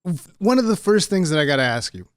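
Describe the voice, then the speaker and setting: A man hosting a relaxed interview. He jokes around and laughs often. His voice sits somewhat higher than most men's. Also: quick pace, clean tone, no room sound, clean studio sound. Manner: friendly, laughs easily, joking. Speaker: host, content creator. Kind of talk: casual interview.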